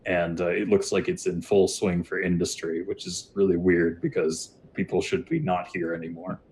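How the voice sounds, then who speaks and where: Man, deep voice, game master, rambling narration, many fillers, tabletop game. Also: little pitch movement, moderate pace, darkish tone, slight background noise.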